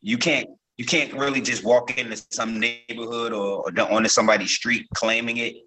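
A man's voice: medium pitch, steady tone, moderate pace, rough recording. A man from Newark, a guest actor, telling stories in a casual interview, loose and rambling with many fillers and restarts. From Newark, New Jersey.

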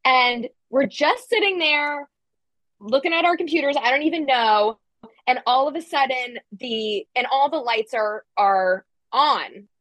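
A woman tells a story in a casual chat, lively and animated, slipping in "like" again and again and acting out what people said. Her voice sits a little high. The sound is dry and close, with no room around it. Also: unhurried, dry recording. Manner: animated, acts out quotes, frequent "like" fillers. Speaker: guest storyteller.

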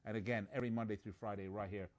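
A man's voice: fairly low pitch, steady tone. Joking man reading betting stats. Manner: joking, reads stats quickly. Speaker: sports betting podcast host. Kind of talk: casual sports betting chat.

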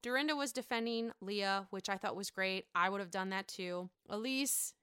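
A woman's voice: medium pitch, normal speed, a bit bright, clean tone, no echo, studio quality. A woman giving a casual, gossipy recap of a reality show and breaking into put-on voices when she quotes people.

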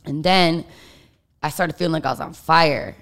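A woman's voice: sits low, normal speed, fairly bright tone. A young adult woman, an interview guest, telling a story in a candid, profane way that is packed with "like". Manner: candid, profane, heavy use of filler "like". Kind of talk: casual storytelling.

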